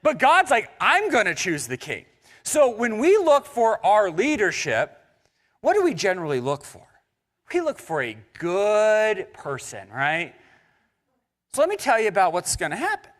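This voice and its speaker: A man's voice: high-pitched, a little slow. A young man preaching a sermon in a church, conversational and joking with the congregation. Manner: animated and conversational, with jokes and asides to the congregation. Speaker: pastor. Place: church sanctuary.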